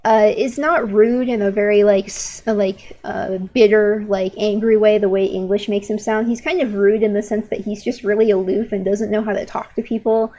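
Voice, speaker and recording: A woman's voice: medium pitch, fairly even intonation, normal speed, few pauses, warm tone. Teen girl streamer rambling while she draws, mid voice, says "like" a ton, super opinionated. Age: late teens. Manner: rambling and opinionated, many "like" fillers and restarts. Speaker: art streamer. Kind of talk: casual chat while drawing on stream.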